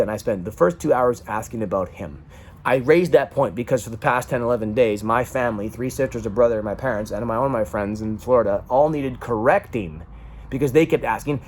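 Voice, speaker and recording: A man's voice: mid-range voice, a little fast. A man venting raw emotion in a rambling personal vlog monologue. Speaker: vlogger.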